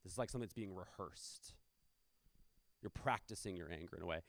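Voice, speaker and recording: A man's voice: deep voice, fairly quick, vocal fry, a bit bright, no room sound. Conversational preacher man, dry sound. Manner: conversational, with rhetorical questions and asides. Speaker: pastor. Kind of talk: sermon.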